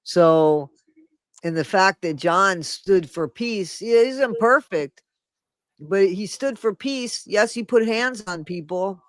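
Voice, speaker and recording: A man's voice: sits high, lively intonation, slow, fairly bright tone, no room sound. A man in his sixties co-hosting a candid talk show, telling personal memories with emphatic, cursing, interrupting talk. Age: 60s. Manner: emphatic, interrupts, swears casually. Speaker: podcast co-host. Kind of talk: candid conversational storytelling.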